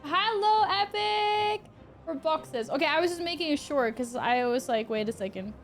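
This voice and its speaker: A woman's voice: a little high, animated, normal speed, soft background music. A woman who grew up speaking Swedish, streaming a game and chatting casually with her viewers, humming to herself between remarks. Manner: chatty, talks to chat while playing, hums to herself. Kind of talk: casual gameplay chat.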